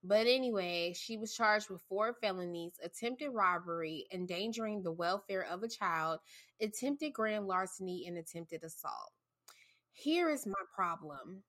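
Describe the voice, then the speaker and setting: A woman co-hosting a podcast, ranting angrily in casual, profane commentary with loud bursts. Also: mid-range voice. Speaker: podcast co-host.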